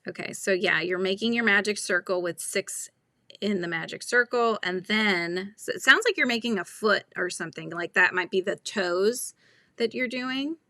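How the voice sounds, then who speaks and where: A woman's voice: mid-range voice, moderate pace, pushed and bright, no echo. A woman hosting a live crochet chat, thinking aloud and talking through pattern steps with viewers. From California. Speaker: crochet livestream host.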